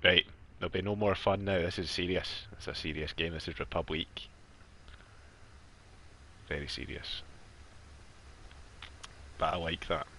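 A man's voice: low-pitched, little pitch movement, a little slow, pauses often, pushed and bright. A man live-streaming a game, chatty and joking, laughing often as he talks to his viewers. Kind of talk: casual live-stream chat.

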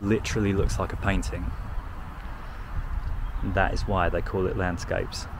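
A man's voice: deep voice, level tone, a little slow, gravelly. A young man chatting casually while walking through the countryside for his vlog, amused and talkative, filming on a handheld camera. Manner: chatty, amused commentary with frequent "like". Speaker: walking vlogger. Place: outdoors, countryside fields and villages. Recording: outdoor noise, wind and passing traffic.

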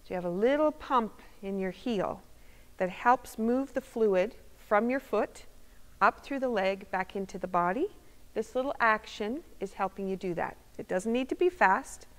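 A woman instructor calmly talking viewers through seated foot exercises step by step while demonstrating them. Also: mid-range voice, normal speed. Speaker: movement instructor. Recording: long reverb of a hall.

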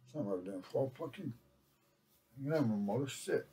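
A man's voice: mid-range voice, animated, moderate pace, warm tone, rough recording. An older man rambling to a webcam, swearing and mocking himself. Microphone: webcam mic.

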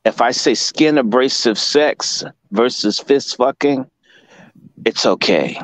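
A man's voice: medium pitch, takes it slowly, dry recording, low-quality recording. A man from Washington, D.C., a guest commentator lecturing in emphatic, profane casual talk.

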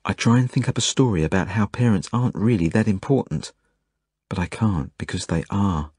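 A man reading his own novel aloud as a first-person audiobook, earnest and measured. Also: on the low side, husky, dry recording, studio quality. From Australia. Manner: earnest, measured, gentle storytelling.

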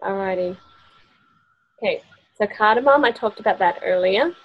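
A woman's voice: mid-range voice, moderate pace, dull audio. A woman presenting essential oils to a small group, chatty and often laughing. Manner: chatty, laughing often, acts out quoted voices. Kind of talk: casual workshop talk to a group.

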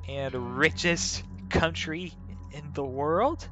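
A man with a somewhat high, slightly bright voice talks slowly while playing a text adventure game, reading the story aloud. He laughs and swears at it in casual let's play commentary, with clear background music behind him.

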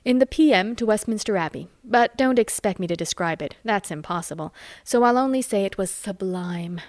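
A woman reading a novel chapter aloud with lively, expressive storytelling. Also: medium pitch, normal speed, no room sound, studio quality. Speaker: audiobook reader.

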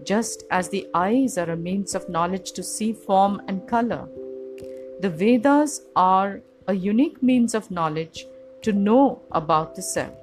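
Woman, mid pitch, calm measured teacher of Vedanta, music clearly heard beneath her. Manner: calm, deliberate, list-like phrasing. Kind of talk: measured spiritual teaching talk. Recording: music playing behind the voice.

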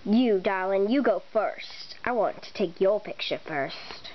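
A woman's voice: medium pitch, lively intonation, measured pace, voice pushed down, natural voice. A girl voicing a fussy female photographer in a home-made doll drama, drawn out and theatrical, calling everyone darling. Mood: bossy. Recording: dull lo-fi home recording with faint noise.

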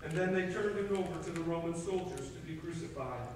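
An American man preaching an Easter sermon, retelling the scripture dramatically and giving quoted lines loud outbursts. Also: on the high side, a little fast, a little hiss or hum. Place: church sanctuary. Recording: echoey hall, far from the mic.

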